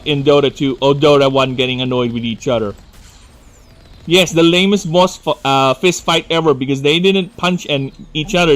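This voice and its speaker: Rambling Filipino man streaming a game. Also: fairly high pitch. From Philippines. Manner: rambling, profane, goes off on rants. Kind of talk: live gaming stream chat.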